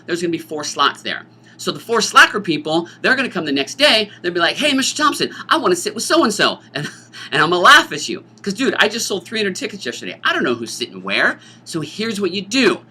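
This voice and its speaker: A middle-aged man, a teacher, explaining a school dance's rules to students in an animated, joking way, often acting out student voices. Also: sits high, fast talker, slightly rough. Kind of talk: informational talk to students.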